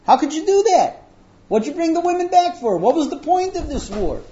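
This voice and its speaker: A man's voice: extremely high pitch, sing-song, fairly quick, dark tone, lo-fi sound, pitched above the performer's own voice. A man doing an indignant old leader. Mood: upset. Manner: indignant, rebuking questions. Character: angry old leader scolding soldiers.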